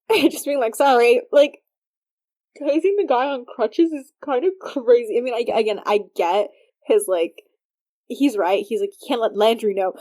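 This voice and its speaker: A woman's voice: high voice, warm tone. A woman co-hosting a fan podcast in casual chat, laughing often and filling her talk with "like". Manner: laughing, lots of fillers. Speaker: podcast co-host.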